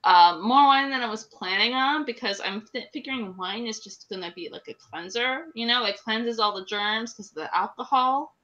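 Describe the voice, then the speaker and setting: A woman in her thirties co-hosts a podcast, chatting casually and telling a funny story with laughing asides while coming down with a cold. Her fairly high voice is bright and forceful, at normal speed with hardly any pauses. The highs are cut off.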